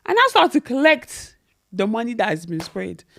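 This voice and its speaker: Her voice sits a little high with some vocal fry, and she talks at a normal speed. As a podcast co-host spinning a long tale in relaxed chat, she stays animated, voicing other people's quotes.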